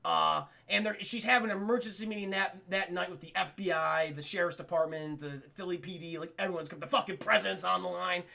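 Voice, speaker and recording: A man recapping a film for his live-stream chat, excitable and profane, often calling out to the chat. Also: high-pitched, fast talker, gravelly, hardly any pauses. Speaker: streamer reviewing films live.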